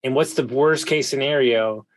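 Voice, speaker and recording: An excitable man hosts a conversational interview, his voice sitting in an ordinary middle pitch. He presses his points emphatically, often restarting sentences in his hurry. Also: moderate pace. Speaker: podcast host.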